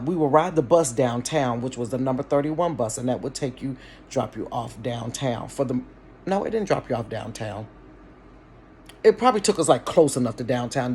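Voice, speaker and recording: A man from Cincinnati hosting a casual storytime vlog from his bedroom, chatty and animated, talking straight to his viewers and laughing easily. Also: mid-range voice, a little hiss or hum. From Cincinnati, Ohio. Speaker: storytime channel host. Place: bedroom at home.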